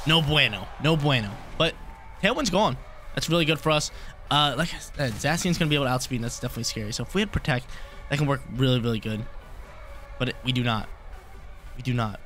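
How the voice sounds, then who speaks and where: Fast-talking man commentating his own game. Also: mid-range voice, faint music behind. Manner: excitable, repeats himself, slangy. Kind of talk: casual play-by-play of an online battle.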